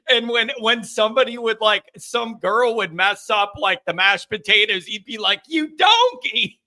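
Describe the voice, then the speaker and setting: A man's voice: sits high, sharp tone. A man hosting a casual live call-in show, rambling and repeating himself and laughing between thoughts. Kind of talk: casual live-stream chat.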